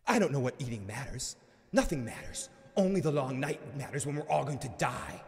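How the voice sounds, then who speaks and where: A man voicing a gloomy young male seer who speaks in a flat, mournful monotone. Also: medium pitch, moderate pace, natural voice.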